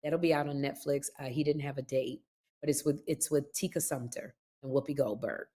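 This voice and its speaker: A low-pitched woman hosts a podcast in relaxed, casual chat. She is middle-aged and an animated storyteller who acts out the people in her stories. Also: fairly quick, breathy edge. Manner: animated storyteller, lively retellings with laughs. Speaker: podcast host.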